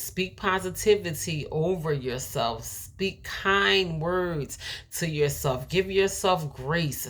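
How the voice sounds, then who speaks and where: Woman, deep voice, unhurried, faith-based motivational talk, heartfelt. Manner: earnest, preachy, emotional. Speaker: motivational speaker.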